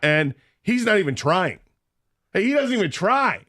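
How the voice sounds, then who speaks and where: A man's voice: sits high, very animated, normal speed, pushed and bright, no echo, studio quality. A man hosting a radio show, telling a story in casual banter and laughing often.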